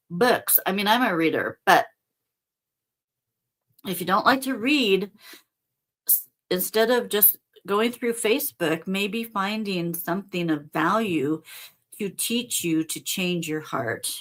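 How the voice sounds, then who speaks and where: A woman's voice: medium pitch, measured pace, fairly bright tone. A middle-aged woman hosting a casual spiritual talk, speaking earnestly and conversationally and addressing her listeners directly. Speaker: spiritual teacher and host.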